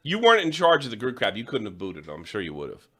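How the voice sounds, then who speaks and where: Frank, rambling male co-host, bright and wildly swooping, heard as a replayed clip. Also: mid-range voice, huge pitch swings, quick pace. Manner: frank, rambling, laughs along. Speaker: podcast co-host. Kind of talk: casual podcast chat. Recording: played clip from another podcast.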